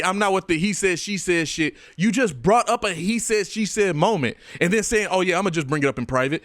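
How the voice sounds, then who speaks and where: A man reacting to a dating show, mocking and swearing in an animated way. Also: high-pitched, fairly quick, few pauses, dry recording, clean studio sound. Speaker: reaction streamer.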